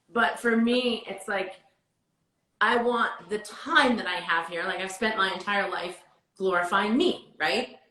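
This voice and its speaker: A woman's voice: mid-range voice, bright, forceful tone, reverberant, poor audio. A woman guest telling a heartfelt, rambling story about her faith in casual chat. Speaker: guest singer. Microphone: video call.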